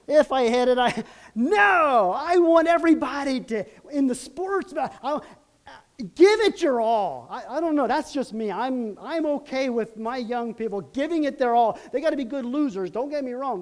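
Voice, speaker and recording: A middle-aged man preaching a sermon as pastor, telling stories in an earnest, halting way with many restarts. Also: sits high, darkish tone.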